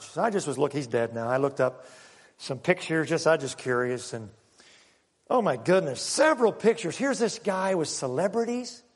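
An older man preaching a sermon and telling stories, moving from loud, emphatic lines to hushed ones. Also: fairly high pitch. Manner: animated, swinging from loud to hushed. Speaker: pastor. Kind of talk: sermon with personal storytelling. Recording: long hall reverb.

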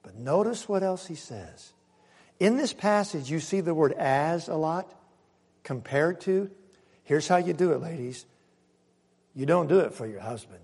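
A man preaches with a high, ringing voice. He leans on single words, pauses for effect and drops to a near murmur before building again. The long echo of a church hall trails after every phrase. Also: animated, slightly rough. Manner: emphatic preaching with dramatic pauses, swinging from loud to hushed. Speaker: pastor. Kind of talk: sermon.

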